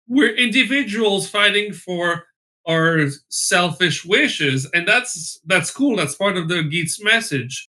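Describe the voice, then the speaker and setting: Slow, bright-voiced man. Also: high voice. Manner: unhurried, with filler pauses. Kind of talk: casual chat.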